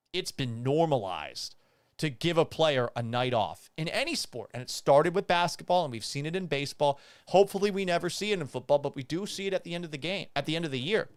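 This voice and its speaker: A man in his thirties hosting a casual sports talk show, animated and blunt, often swearing. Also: fairly high pitch, no echo. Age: 30s.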